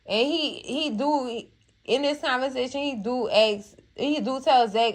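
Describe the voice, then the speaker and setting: A woman's voice: sits high, unhurried. A woman hosting a casual TV recap, chatty and heartfelt, calling her viewers cousins and girl. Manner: heartfelt, moved to tears at times. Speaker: TV recap channel host. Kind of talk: casual TV episode recap and review.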